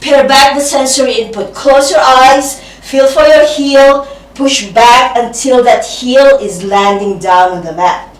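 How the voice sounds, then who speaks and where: A woman who teaches yoga and leads a class with short, calm cues and breathy exhales, out of breath at times. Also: high voice, a little slow. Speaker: yoga instructor. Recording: roomy, from a distance.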